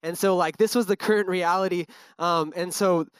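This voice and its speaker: A man's voice: high-pitched, steady tone, normal speed, smooth, dry recording. A young man giving an earnest, casual personal testimony, full of fillers. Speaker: speaker sharing a testimony.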